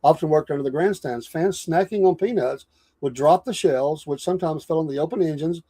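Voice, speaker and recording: A man's voice: a little high, fairly quick, warm tone. A man hosting an interview, reading prepared notes and thanking his guests in an earnest way. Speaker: show host.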